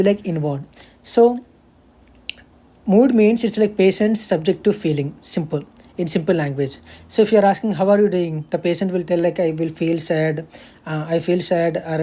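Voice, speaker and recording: A woman's voice: lowish voice, mellow. A young woman giving a recorded medical exam-prep lecture, explaining step by step with many fillers and restarts.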